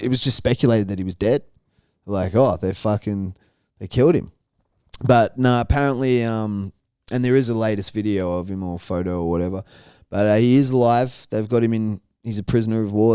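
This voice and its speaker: A man's voice: mid-range voice, a little mellow, clean tone, dry recording, clean studio sound. A young man co-hosting a podcast, telling a story in casual, crude, profane banter and often laughing. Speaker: podcast co-host.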